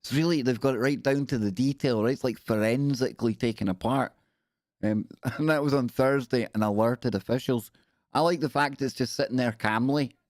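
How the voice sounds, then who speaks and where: A man hosts a livestream and riffs on news stories in a joking, rambling way. His voice sits mid-pitch, and the sound is dry and close to the mic. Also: normal speed, dry recording. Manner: joking, rambling, animated asides. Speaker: livestream show host. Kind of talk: comic news commentary.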